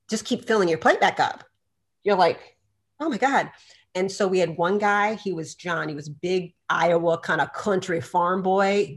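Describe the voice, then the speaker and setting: A woman guest telling a story in a casual interview, acting out quotes with bursts of laughter. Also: lowish voice. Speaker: doctor and podcast guest.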